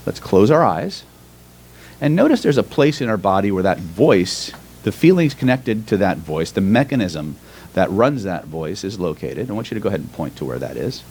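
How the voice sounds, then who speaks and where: A man teaching a live workshop on inner voices, then leading the room through a slow guided hypnosis. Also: fairly low pitch, a little hiss or hum, low-quality recording. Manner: animated and joking with the audience, shifting into slow soothing guided trance. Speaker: hypnosis and NLP trainer. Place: seminar room with a live audience.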